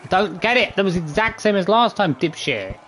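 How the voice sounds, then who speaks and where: A man's voice: high voice, expressive, a little fast, fairly bright tone, slight background noise. A man streaming a video game, exasperated, swearing and counting his button presses aloud. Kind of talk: live gameplay commentary.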